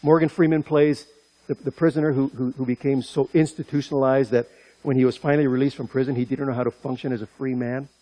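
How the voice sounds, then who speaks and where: A male preacher delivering a sermon, impassioned and speaking directly to his listeners, pushing his voice higher and louder on key points. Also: little pitch movement, fast talker, no room sound, low-quality recording. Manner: impassioned, rising in pitch and loudness on key points.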